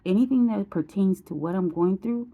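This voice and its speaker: Blunt, emotional woman vlogger, husky voice. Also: mid-range voice, moderate pace, phone-quality sound. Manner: blunt, emotional, swears casually. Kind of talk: candid personal vlog.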